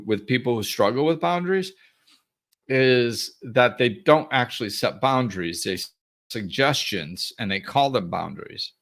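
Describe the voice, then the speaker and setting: A podcast host with a mid-range, fairly bright voice talks through a casual monologue full of restarts and chuckles. He acts out angry callers in a raised voice.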